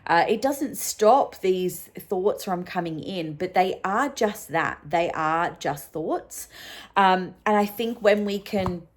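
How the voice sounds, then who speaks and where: A woman's voice: on the low side, animated, slow. A young woman, a solo mum, talking openly and emotionally in a personal vlog, with lots of ums and likes. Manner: open and emotional, many fillers. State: sleep-deprived.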